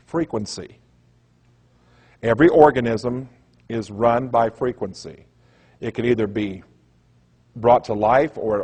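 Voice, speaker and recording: A man's voice: mid-range voice, a little mellow, slightly rough. A man giving a presentation in a rambling, emphatic storytelling manner. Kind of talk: conspiracy lecture talk.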